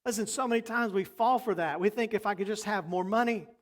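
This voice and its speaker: Pastor guy preaching, kinda high voice, hammers his points over and over. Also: fast. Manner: emphatic preaching with repetition. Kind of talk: sermon.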